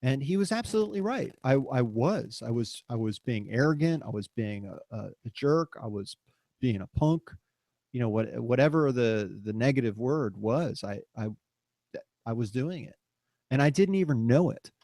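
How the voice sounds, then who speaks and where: A middle-aged man co-hosting a podcast, thinking aloud in halting, reflective phrases. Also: mid-range voice, expressive, a little mellow, no room sound, studio quality. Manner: halting, restarts words while thinking aloud. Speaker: podcast co-host. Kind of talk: reflective casual chat.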